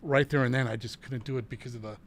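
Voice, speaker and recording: A middle-aged paranormal investigator earnestly recounts a story from one of his cases, restarting his sentences as he goes. He talks fast in a medium-pitched voice with fairly even intonation, in a casual storytelling style.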